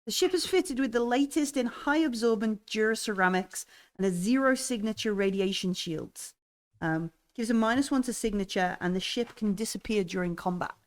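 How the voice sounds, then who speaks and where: A woman narrating as game master of a tabletop role-playing game, pausing often with fillers. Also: a little high. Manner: hesitant, lots of fillers.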